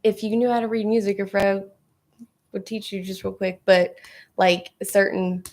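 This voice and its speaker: A woman's voice: medium pitch, steady tone, moderate pace, darkish tone. A young woman hosting a casual chat, rambling with lots of fillers and frequent laughs. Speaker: podcast host.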